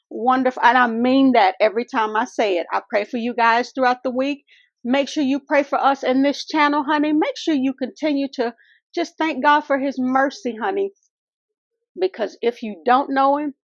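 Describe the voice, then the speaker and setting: Woman vlogger, heartfelt and devout, gravelly voice on a dry, lo-fi recording. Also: high voice, no echo. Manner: earnest, faith-filled, addresses viewers as y'all and honey. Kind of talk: heartfelt casual vlog talk. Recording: dull lo-fi dry sound.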